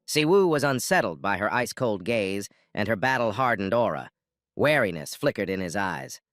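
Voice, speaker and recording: Brief: male recap narrator, even scripted delivery, dry voice-over. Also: medium pitch, brisk, no room sound. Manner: even, steady storytelling. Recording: dry voice-over with soft music.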